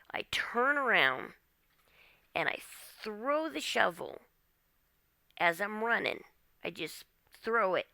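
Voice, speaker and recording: Gravelly bright-voiced woman telling her story. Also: fairly high pitch, no echo. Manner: tense retelling, many fillers like "like" and "okay?". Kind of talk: personal storytelling monologue.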